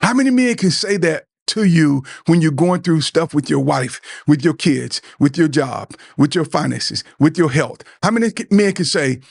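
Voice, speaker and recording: A middle-aged man with a slightly high voice gives an earnest talk to other men, urging them to open up. He talks like a preacher, repeats words and stumbles over them, and slips into the voices of friends he quotes. The sound is close and dry. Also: lively intonation, moderate pace, vocal fry, few pauses, breathy edge, dry recording. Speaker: podcast host.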